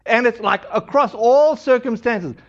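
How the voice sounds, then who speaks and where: A man's voice: very high voice, a little slow, highs cut off. A man preaching a sermon in a casual, chatty way, retelling a scripture passage with frequent asides. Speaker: pastor. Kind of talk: conversational sermon.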